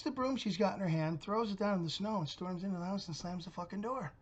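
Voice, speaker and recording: A man's voice: sits high, fast, hardly any pauses. A middle-aged man hosting his own channel, telling a story in a blunt, profane rant. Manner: blunt, gruff, cursing storyteller. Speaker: channel host.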